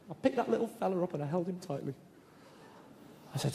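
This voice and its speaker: A man's voice: high-pitched, lively intonation, quick pace, gravelly, pauses often, mellow. A middle-aged man doing stand-up comedy, chatty and forever tossing in tag questions like "right?". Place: theatre stage before an audience. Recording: long hall reverb, faint noise.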